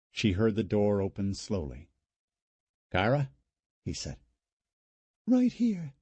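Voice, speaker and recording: Male narrator, low voice, lively intonation, husky, dark, dry close sound. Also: dry recording. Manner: expressive, dramatic reading. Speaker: audiobook narrator. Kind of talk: scripted audiobook narration.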